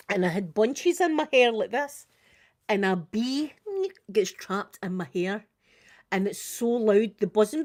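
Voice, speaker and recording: A medium-pitched older woman from Scotland talks at a normal speed while streaming live makeup content. Her casual storytelling is lively, complete with acted-out screams and quotations.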